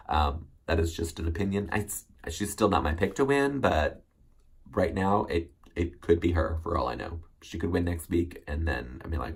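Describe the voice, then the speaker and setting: A man's voice: low voice, lively intonation, normal speed, gravelly, husky. A man hosting a solo recap show, chatting casually and rambling with many ums and self-corrections. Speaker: recap host.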